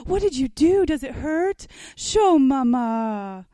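Woman doing a boy's high, syrupy baby-pity voice, loud, dry room. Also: big pitch swings, takes it slowly, dry recording, heavily acted. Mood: pitying coo. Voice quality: pitiful, compassionate cooing. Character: young boy cooing pityingly at a baby.

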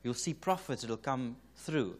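A South African man preaching at a church conference. He tells a story in an anecdotal, conversational way and plays out the dialogue line by line, chuckling now and then. His voice sits at an ordinary male pitch. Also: animated, normal speed.

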